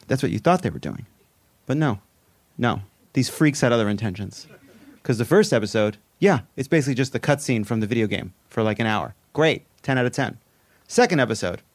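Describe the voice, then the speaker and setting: A man with an ordinary mid-range voice giving a comedic podcast monologue. He plays at outrage with dry sarcasm, then builds to loud, emphatic peaks. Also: mid-range voice, animated, brisk. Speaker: podcast co-host. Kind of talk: comedic monologue, casual chat.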